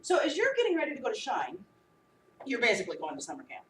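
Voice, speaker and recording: A woman preacher giving a sermon, animated and humorous as she acts out the disciples. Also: on the high side, fast, slight background noise. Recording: echoey room, voice from a distance.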